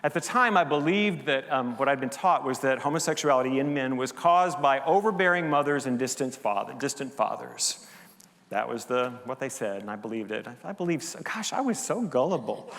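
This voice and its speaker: A man's voice: mid-range voice, expressive, fairly quick, gravelly, fairly bright tone. An older man, a pastor, preaching a sermon as a candid, heartfelt personal testimony. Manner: candid storytelling, confessional and heartfelt. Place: church sanctuary. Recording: long hall reverb.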